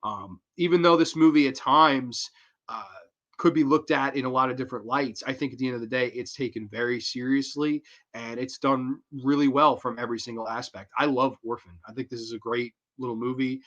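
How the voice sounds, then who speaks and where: A man hosting horror film reviews in a loose, rambling, profane and animated way. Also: medium pitch, brisk, muffled recording. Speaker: horror movie reviewer, host. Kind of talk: casual spoken film review.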